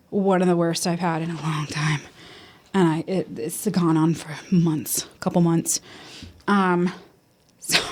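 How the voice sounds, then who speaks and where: A woman as a podcast guest, candidly recounting a personal story in a halting way, with many restarts and quoted self-talk. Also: medium pitch, a little mellow.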